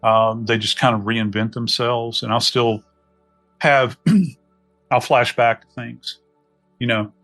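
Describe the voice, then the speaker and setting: A middle-aged man from New Orleans with a Southern US accent, a podcast guest telling reflective stories in an unhurried, folksy way. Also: medium pitch, steady tone, a bit bright, soft background music. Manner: unhurried, folksy, many "you know" asides. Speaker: podcast guest, death investigator. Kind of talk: reflective storytelling conversation.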